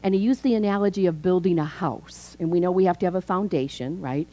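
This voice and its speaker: Over faint background music and a rough recording, a Chicago woman in her fifties talks fast in a mellow, lowish voice. She's a minister giving a conversational sermon, spinning stories and performing dialogue.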